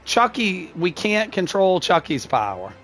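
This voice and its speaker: An older man streaming a video game live, talking through his plays and answering chat in a gruff, curmudgeonly-sounding voice, often halting and restarting his phrases with a chuckle. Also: sits high, very animated, a bit bright, faint music behind. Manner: gruff, curmudgeonly-sounding, says he is not angry.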